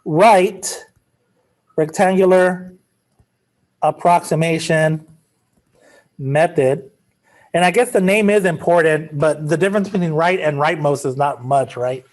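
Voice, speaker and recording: A man's voice: a little high, normal speed. A male math teacher giving a classroom lecture in a casual, joking way, drifting into chatty asides.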